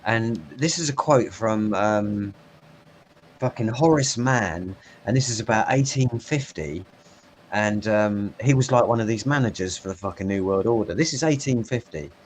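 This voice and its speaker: A man's voice: fairly low pitch, normal speed. A British man chatting on a podcast over a remote call, rambling, swearing often and laughing a lot. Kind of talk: casual conversation. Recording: faint background noise.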